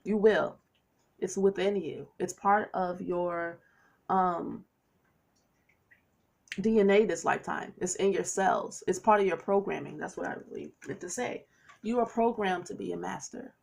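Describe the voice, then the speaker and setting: A tarot reader with a lowish, creaky, somewhat dark voice talks a little slowly as she gives her viewers a casual reading. She keeps it chatty and playful but slips into preachy asides.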